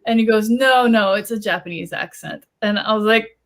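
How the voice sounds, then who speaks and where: A woman's voice: a little high, lively intonation, moderate pace, hardly any pauses, a bit bright. A woman from Chicago with a Chicago accent, an author telling stories in a casual panel discussion, chatty and full of fillers. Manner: chatty storytelling with fillers and laughs.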